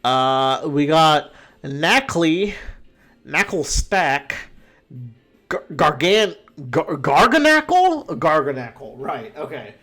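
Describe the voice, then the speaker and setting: A man's voice: fairly high pitch, expressive, slow, pauses often, pushed and bright. A man in casual, rambling commentary, ranking a full list of creatures with frequent swearing and fillers. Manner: laid-back, profane, rambling with fillers. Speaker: podcast host ranking game creatures.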